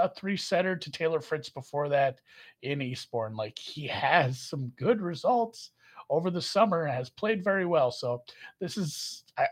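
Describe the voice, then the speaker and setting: A man hosting a casual sports betting chat, rambling and poking fun at himself. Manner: rambling, self-mocking, jumps in pitch. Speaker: sports betting podcast host.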